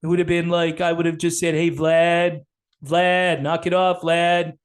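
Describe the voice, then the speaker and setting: A man's voice: a little high, level tone, a little slow, clear, resonant tone, lightly acted. A man doing a voice of a boastful, blustering older male politician, bragging and self-praising, in a casual video.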